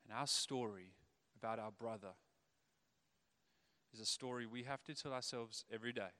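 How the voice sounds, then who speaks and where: A man preaching a sermon, animated, acting out the voices of the people in his stories. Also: medium pitch, moderate pace. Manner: animated, acts out quoted voices. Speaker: pastor.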